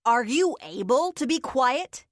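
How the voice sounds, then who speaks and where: A woman's voice: sits high, very animated, slow, dry recording, full character voice. A woman voicing an aloof male wizard who speaks in a dry, formal, bored way.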